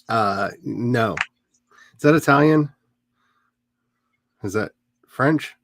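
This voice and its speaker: A man in a middle pitch chats loosely on a writing stream, wandering from topic to topic and poking fun at himself. The sound is dry and close, with no room around it. Asides and small jokes keep breaking into his talk. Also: extremely slow, creaky, long pauses, fairly bright tone, dry recording. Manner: rambling and self-mocking, prone to jokes and asides. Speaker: livestream host. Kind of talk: casual chat during a writing sprint stream.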